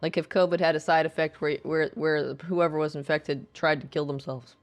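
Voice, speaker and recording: A woman's voice: low voice, steady tone, normal speed, soft background music. A woman streaming a game, chatting casually and explaining the story in a rambling way. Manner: chatty, rambling, jumps into loud reading of lines. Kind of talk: casual gameplay commentary and reading dialogue aloud.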